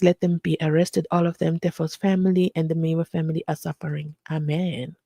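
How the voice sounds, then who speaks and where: A woman's voice: deep voice, a little fast, hardly any pauses, mellow, no room sound. A woman hosting a channel, chatting casually and playfully while she reads out viewer comments. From South Africa. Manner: playful, teasing, laughs often.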